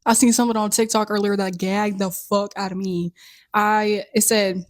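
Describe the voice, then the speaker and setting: A woman's voice: mid-range voice, little pitch movement, moderate pace. A woman co-hosting a podcast in casual chat, crude, profane and joking. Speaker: podcast co-host.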